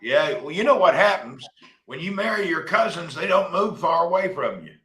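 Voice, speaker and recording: A man's voice: a little high, sing-song, moderate pace, a bit bright. A man hosting a casual livestream, joking in a folksy way and reading viewer comments aloud. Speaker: livestream host. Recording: echoey room.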